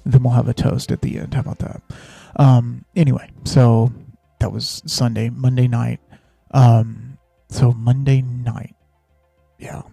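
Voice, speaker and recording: A man's voice: mid-range voice, level tone, a little slow, vocal fry, mellow, breathy edge, no room sound, soft background music. A man hosting a podcast, telling a personal story in a rambling, casual way, full of fillers and restarts. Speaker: podcast host.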